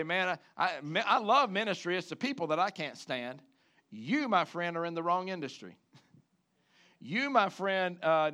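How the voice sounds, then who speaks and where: Man, pastor, high voice, emphatic sermon, church. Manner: emphatic, rising to loud preaching.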